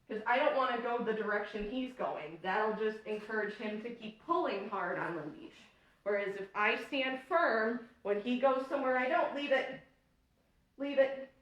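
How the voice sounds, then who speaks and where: A woman dog trainer explaining walking techniques in a casual, chatty way, with firm, short commands to the dog. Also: mid-range voice. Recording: echoey room, mic at a distance.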